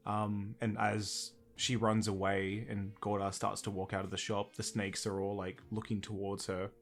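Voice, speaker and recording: A man with a fairly low voice playing in a tabletop game. He rambles through his descriptions, packing every phrase with fillers. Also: flat delivery, moderate pace, faint music behind. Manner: rambling, says "like" constantly. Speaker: player. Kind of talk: casual tabletop game play.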